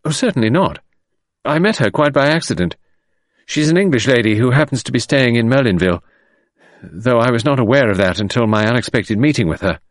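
A man reading an audiobook voices an earnest, embarrassed young English gentleman who confesses a mistake apologetically. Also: medium pitch, lively intonation, brisk, no room sound, clean studio sound, voice pushed up, natural voice. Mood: apologetic.

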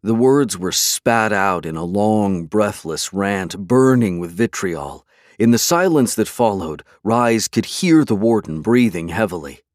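Low-voiced male audiobook narrator. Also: lively intonation, dry recording, studio quality. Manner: measured, dramatic storytelling. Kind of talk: scripted narration.

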